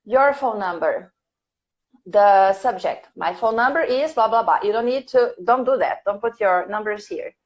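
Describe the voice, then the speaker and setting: A woman teaching a live online English lesson, patiently repeating each question slowly for her learners, a native Portuguese speaker. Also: mid-range voice, lively intonation. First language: Brazilian Portuguese. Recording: dull lo-fi stream audio.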